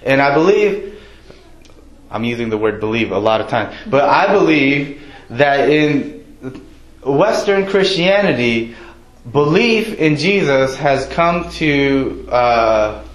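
A man delivers a sermon in a loose, conversational manner, pausing often with ums and uhs. His voice sits at an ordinary middle pitch. The room around him rings with echo. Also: lively intonation. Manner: casual, conversational preaching with many fillers. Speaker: preacher. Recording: echoey room.

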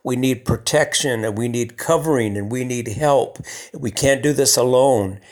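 A man delivers a sermon in a relaxed, conversational way, at a middling pitch. He builds to emphatic lines and then drops to near-hushed softness. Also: moderate pace. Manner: conversational, with emphatic swells and hushed soft passages. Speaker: preacher.

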